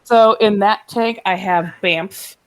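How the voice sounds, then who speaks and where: A woman co-hosting a relaxed chat show over a video call. She tells stories animatedly, slips into acted-out voices and laughs along the way. Her pitch sits in the middle range. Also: slow. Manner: animated storyteller, acts out voices, laughs often. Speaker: podcast co-host. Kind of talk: casual chat.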